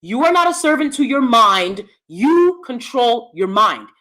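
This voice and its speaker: Speaking at a measured pace, this middle-aged YouTube commentary host has a pushed, bright voice with big pitch swings. She addresses the camera in a casual, blunt monologue, lecturing and alternating quiet asides with emphatic outbursts.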